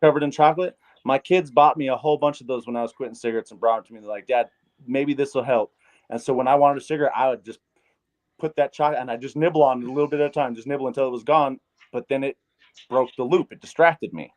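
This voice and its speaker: A man from Wyoming talks fast and bluntly as a guest in a casual chat, with swearing throughout. His voice sits at a middle pitch. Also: a little mellow. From Wyoming, USA. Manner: blunt, profane, fast-talking. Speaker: hip hop artist, guest.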